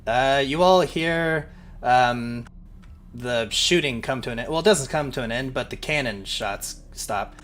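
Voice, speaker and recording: A man's voice: mid-range voice, measured pace, a bit bright. Man running a tabletop game, casual. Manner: casual, rambling, with fillers. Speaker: game master.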